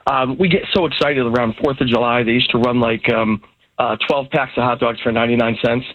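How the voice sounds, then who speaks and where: A man's voice: medium pitch, steady tone, a little fast, no echo. A man calling in to a radio show, telling a rambling story with many ums. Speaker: caller. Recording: tinny phone line.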